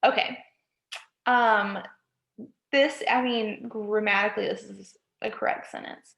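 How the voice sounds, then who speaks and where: A woman's voice: mid-range voice, steady tone, unhurried, vocal fry, fairly bright tone. A woman, a college writing instructor, giving a recorded lecture, often checking in with "okay?" and correcting herself mid-sentence. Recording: echoey room.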